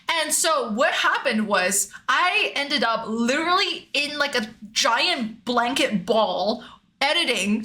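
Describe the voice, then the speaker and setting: A young woman streamer tells a story in casual chat. Her voice is high and bright. She talks in an animated way, swears freely and laughs often.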